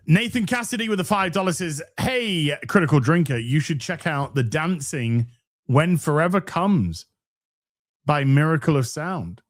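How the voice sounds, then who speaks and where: A man's voice: on the high side, animated, measured pace. An English man co-hosting a podcast, reading out donations in a casual, sweary and jokey way. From England.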